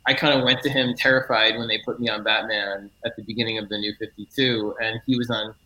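A man's voice: on the low side, flat delivery, fast, sharp tone, rough recording. A middle-aged man, a comic book writer, explaining his work in a casual interview, earnest and eager, often correcting himself mid-sentence.

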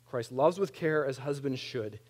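A man in his thirties preaching a conversational sermon, animated and plain-spoken, with wry humor. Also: medium pitch, normal speed, breathy edge. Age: 30s. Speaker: pastor.

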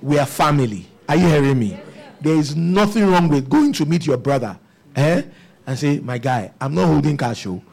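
Husky animated preacher man. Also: fairly high pitch. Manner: animated preaching with rhetorical questions to the congregation. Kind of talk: sermon.

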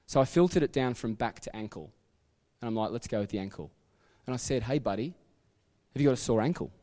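A man's voice: medium pitch, lively intonation, fast talker, dark tone, long reverb tail. A man with an Australian accent preaching a sermon as a church pastor, telling stories in a chatty way full of asides and self-corrections. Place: church sanctuary.

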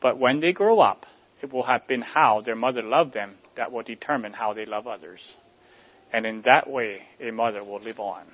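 A man delivering a sermon in a measured, rhetorical way, letting line endings fall soft. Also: medium pitch, dull audio. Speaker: preacher.

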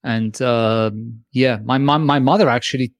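A man's voice: mid-range voice, steady tone, unhurried, no echo, clean studio sound. A man co-hosting a podcast in casual chat, joking around and throwing in mock sponsor plugs, on a remote call. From Spain. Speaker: podcast host.

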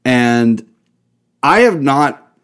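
A man's voice: mid-range voice, very animated, extremely slow, fairly bright tone, clean tone. A man co-hosting a casual podcast, joking around and laughing often. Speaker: podcast co-host. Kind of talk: casual chat.

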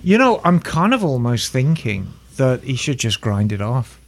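A man from England co-hosting a podcast, telling stories in a chatty, animated way. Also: medium pitch, normal speed. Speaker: podcast co-host. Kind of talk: casual chat.

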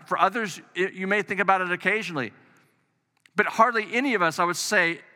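A man's voice: high voice, pushed and bright. A middle-aged man preaching a sermon as pastor, earnest and conversational, often restarting his phrases. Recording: long reverb of a large hall.

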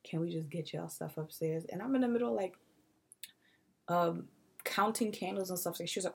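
A young woman co-hosting a podcast in casual chat, telling stories with animated quoted voices. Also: brisk, creaky, breathy edge. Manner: animated storytelling, acting out quotes in a high mocking voice. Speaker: podcast co-host.

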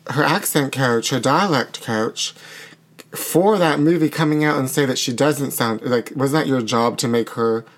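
A man's voice: mid-range voice, measured pace. A man hosting a talk show, chatting in a dramatic, gossipy way and calling people honey. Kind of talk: casual banter.

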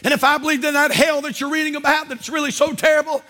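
Fervent high-voiced preaching man. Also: steady tone, fast. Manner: fervent, swings between shouting and low asides. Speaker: pastor. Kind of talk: sermon. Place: church sanctuary.

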